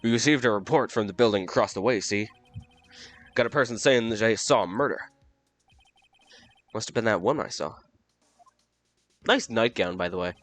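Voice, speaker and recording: A man voicing a blunt male police detective in a game reading, with a gruff tough-guy delivery. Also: fairly low pitch, normal speed, long pauses, a bit bright, faint music behind, close to an everyday voice.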